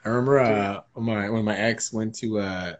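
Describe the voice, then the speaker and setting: A man's voice: lowish voice, steady tone, moderate pace, highs cut off. A young man co-hosting a podcast, swearing and laughing his way through loose banter. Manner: loose, profane, laughing, puts on silly voices. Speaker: podcast co-host.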